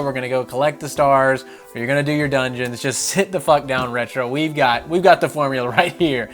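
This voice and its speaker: A young man hosting a casual gaming video, animated and swearing, putting on mocking voices as he rants. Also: mid-range voice. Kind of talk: casual opinion rant.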